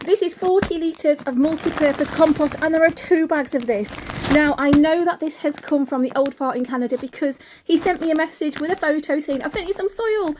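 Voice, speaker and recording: A high-pitched woman talks to her viewers in a casual home vlog. She gushes with excitement, laughs a lot and lets the odd swear slip. Her voice sits up high and bright in tone. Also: brisk, noisy background. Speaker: home and garden vlogger. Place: home hallway and garden.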